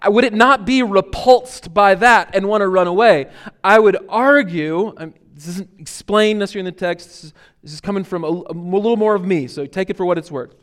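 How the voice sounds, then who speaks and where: A man preaching a sermon as pastor, earnest and emphatic, building to loud peaks and then dropping to quiet reflection. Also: high-pitched, a little fast.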